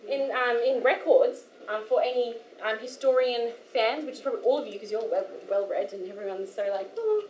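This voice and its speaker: A woman's voice: on the high side, brisk, hardly any pauses, darkish tone. A young Australian woman giving a casual workshop talk to an audience, chatty and full of fillers and restarts. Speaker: workshop speaker. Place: community hall. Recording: echoey hall with faint room noise.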